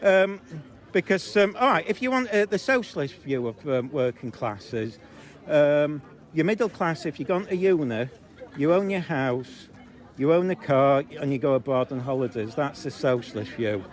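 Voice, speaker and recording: A slightly high-voiced man from Zambia argues with protesters on a city street, recorded on a handheld phone. He talks bluntly and mockingly, wanders off track and fills his pauses with ums. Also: lively intonation, darkish tone. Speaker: street filmer. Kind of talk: confrontational street argument.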